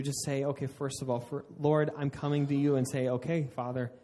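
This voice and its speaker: A man's voice: mid-range voice, flat delivery, a little fast, mellow. A man preaching a sermon in an earnest way, often restarting mid-phrase and laughing at himself. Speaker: pastor.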